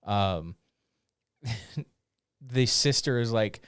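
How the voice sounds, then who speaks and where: A man's voice: medium pitch, takes it slowly, pauses often, clean tone, no echo, studio quality. A man co-hosting a podcast in casual chat, laid-back and often laughing. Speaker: podcast co-host. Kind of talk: casual chat about anime.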